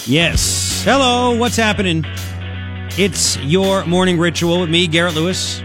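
A man's voice: high-pitched, unhurried, over music. A man hosting a talk radio show, delivering a brash, sarcastic, opinionated monologue into a studio microphone.

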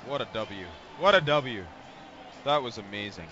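A man giving colour commentary on a football radio broadcast, excitable and quick to exclaim. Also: medium pitch, highs cut off. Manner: excitable, keeps exclaiming over the play.

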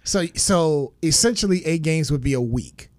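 A man's voice: on the high side, lively intonation, normal speed, no room sound, clean studio sound. A man co-hosting a sports talk radio show, chatting and bantering agreeably with the host.

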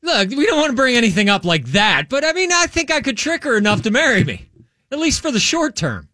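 American man, high lively voice, bright tone, joking banter, dry close sound. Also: fairly quick, dry recording. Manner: joking, mock-indignant. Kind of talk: casual banter.

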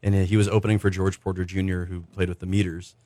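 A man's voice: low voice, little pitch movement, fast talker, dark tone, dry recording. A young man, a musician guest, chatting casually and rambling with laughs in an interview.

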